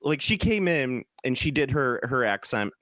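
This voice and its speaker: A man from the American Midwest co-hosting a casual gaming podcast, talking in an animated, profane, jokey way. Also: mid-range voice, normal speed, no room sound, clean studio sound. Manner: animated, profane, jokey, slips into mock British voices. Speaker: podcast co-host. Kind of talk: casual chat.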